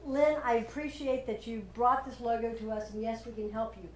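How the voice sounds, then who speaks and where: A woman taking part in a workshop role-play, speaking earnestly and a little haltingly. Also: a little high, steady tone, a little mellow. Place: meetup room. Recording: echoey room, from far off, faint noise.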